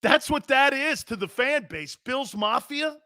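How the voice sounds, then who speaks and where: Firing off rhetorical questions, a brash male sports host gives an opinionated, slang-heavy monologue in a high, bright, forceful voice. He's expressive and keeps a measured pace, and the sound is dry and close with no echo.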